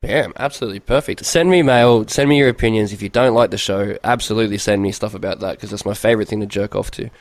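A man's voice: fairly low pitch, fast talker, few pauses, dry recording. An Australian man hosting a podcast, chatting casually with crude, joking enthusiasm. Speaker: podcast host.

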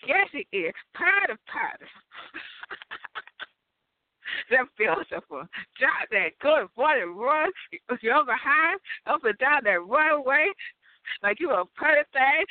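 A woman's voice: sits high, very animated, slow, long pauses, dry recording. A woman giving a rambling, profane comic rant, laughing often between lines. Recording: tinny phone-like audio, dry.

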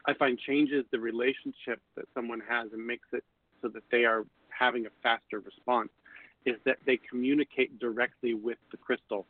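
A man explains his approach in a thoughtful, unhurried way, often restarting with repeated words. His voice comes through a narrow, phone-like channel. The sound is dry and close. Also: medium pitch, fairly even intonation, no echo. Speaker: panelist on call-in spiritual show. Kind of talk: casual panel discussion.

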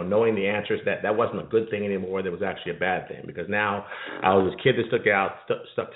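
A middle-aged man from Jamaica, a diet coach hosting a live call, telling a personal story in an earnest, rambling way with many repeated words. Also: deep voice. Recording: tinny phone line, echoey.

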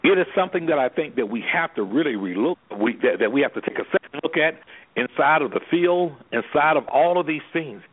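Over phone-quality sound, a man who works as an anger management specialist guests on a radio interview. His fairly high voice is expressive and brisk, and he speaks in an impassioned, preacherly way, firing off rhetorical questions.

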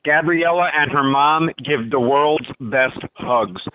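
A man's voice: a little high, slow. Teasing male co-host, tinny sound. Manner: teasing, jokey asides. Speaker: radio co-host. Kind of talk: casual radio banter. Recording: tinny phone-like sound with faint noise.

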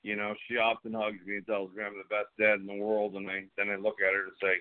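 A man's voice: fairly low pitch, monotone, quick pace. A middle-aged man hosting a wrestling show, chatting casually with a promo-style swagger and calling people brother. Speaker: host. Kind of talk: casual chat. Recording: tinny phone-like line.

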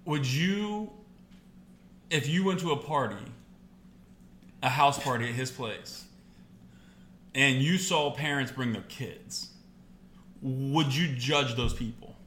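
A man's voice: mid-range voice, slow, pauses often, fairly bright tone. A man with a Midwestern American accent co-hosting a podcast in casual chat, telling stories animatedly and acting out the voices of the people he quotes. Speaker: podcast co-host. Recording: echoey room with faint background noise.

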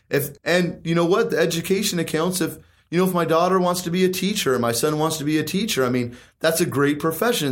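A man in his thirties with a somewhat high voice talks about investing in real estate. He is confident and emphatic and keeps asking rhetorical questions as he makes his case in a casual chat.

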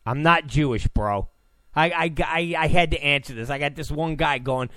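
A male talk show host delivering an incredulous, sarcastic rant, repeating himself and breaking into sudden shouts. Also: fairly high pitch, normal speed, smooth, no echo. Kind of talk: ranting commentary. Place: Los Angeles.

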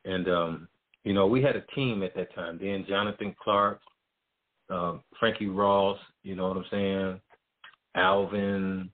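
A man's voice: sits low, slightly rough. A middle-aged man, a music promoter, telling a story as a guest in loose, slangy casual talk. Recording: tinny phone-like line.

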